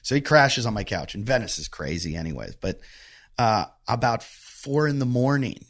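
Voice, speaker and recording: A man hosting a podcast in casual chat, telling stories and acting out the quotes loudly. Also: medium pitch, moderate pace. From from the American West. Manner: animated storyteller, acts out quotes loudly. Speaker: podcast host.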